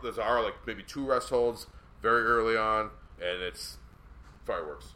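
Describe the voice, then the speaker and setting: A man co-hosting a casual wrestling podcast, talking excitably, rambling and swearing. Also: fairly low pitch, a little slow. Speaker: podcast co-host.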